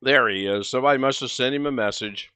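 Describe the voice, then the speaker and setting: A man hosting a livestream, telling a long story in a casual, animated way and acting out both sides of the conversation. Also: medium pitch, fast talker, background noise. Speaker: livestream host.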